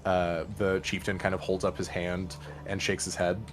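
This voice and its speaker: A man's voice: sits low, completely flat delivery, moderate pace. A man narrating a tabletop game as game master, in a casual style full of fillers and restarts. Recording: background music.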